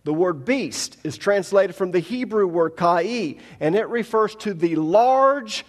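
A man with a fairly high voice teaches a Bible study as a sermon, reading scripture aloud and breaking off for folksy asides to the listeners. His voice rings out with a long reverb, as if heard in a large hall. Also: lively intonation, a little slow. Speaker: pastor.

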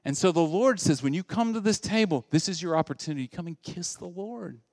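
A male pastor preaching a sermon, moving between loud, animated passages and hushed, intimate ones. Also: high-pitched, brisk, dry recording.

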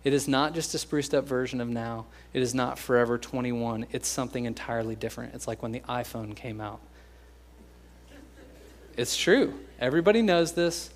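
A young American man preaching to his congregation. He keeps it loose and conversational, cracking jokes and slipping into quick impressions of everyday people. His voice sits at an ordinary middle pitch. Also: slight background noise. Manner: conversational and joking, acts out quoted voices. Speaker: pastor. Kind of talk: sermon.

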